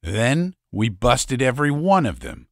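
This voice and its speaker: A man reads as a gruff old veteran of the uprising, deep and furry-voiced, bragging loudly over beer in a storybook tale. His pitch swings widely as he boasts, and the sound is dry and close. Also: huge pitch swings, a little slow, no room sound, heavily acted. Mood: boastful. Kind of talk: audiobook character voice.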